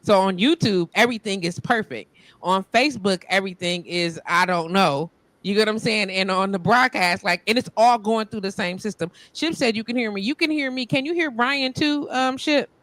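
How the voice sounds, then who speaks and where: A woman's voice: mid-range voice, normal speed, a bit bright, no echo. A woman hosting a live stream in casual chat, muttering and venting as she fixes her tech. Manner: frustrated, muttering while fixing tech. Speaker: host.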